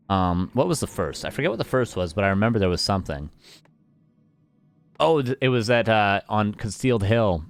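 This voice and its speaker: Deep-voiced man calling a strategy game. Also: no room sound. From Canada. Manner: self-mocking, chatty, thanks viewers by name. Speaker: esports caster. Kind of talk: live game commentary.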